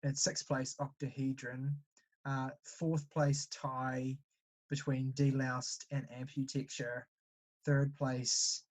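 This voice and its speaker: A man's voice: medium pitch, level tone, slow pace. A man co-hosting a casual podcast chat, blunt and joking, with swearing. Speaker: podcast co-host.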